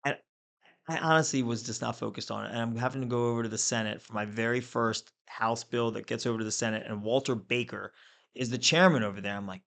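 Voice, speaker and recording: Animated man telling stories on his podcast. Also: mid-range voice, fast talker, gravelly. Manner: animated, self-mocking anecdotes with profanity. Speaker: podcast host, former legislator. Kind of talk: casual storytelling in conversation.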